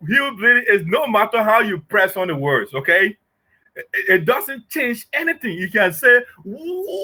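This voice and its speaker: A man's voice: very high-pitched, bright, forceful tone. A man giving impassioned political commentary, emphatic and rhetorical, often asking "okay?". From Liberia.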